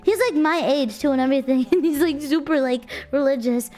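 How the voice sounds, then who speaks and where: A young woman streamer telling a story in a casual, chatty, animated way. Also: sits high, fairly quick, soft background music. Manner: animated, chatty, checks in with "right?".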